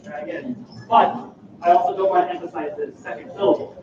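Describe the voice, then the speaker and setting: A man leads a school choir rehearsal, saying words aloud to show the shape. His voice is high and lively. It is picked up from across a boomy room on a dull, noisy recording. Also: fairly quick, crowd noise. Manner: animated, demonstrates words by speaking them. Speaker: choir clinician. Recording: echoey room, far from mic, dull, noisy.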